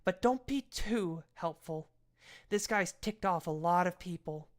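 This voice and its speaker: A woman's voice: fairly low pitch, unhurried, natural voice. Woman reads a blunt, suspicious precinct captain; raised and pushy. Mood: commanding. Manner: blunt, commanding orders. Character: gruff male police captain, bossy and suspicious.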